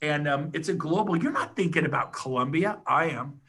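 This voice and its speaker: A middle-aged man giving an enthusiastic, emphatic sales pitch as a podcast guest. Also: lively intonation, sharp tone, slightly rough. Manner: fired-up, rapid, emphatic, salesy. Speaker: podcast guest, real estate agent.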